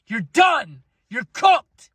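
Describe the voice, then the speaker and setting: A man's voice: very high voice, very animated, very slow, a bit bright, no room sound. A man delivering an aggressive, profane callout rant that taunts his rival. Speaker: video ranter.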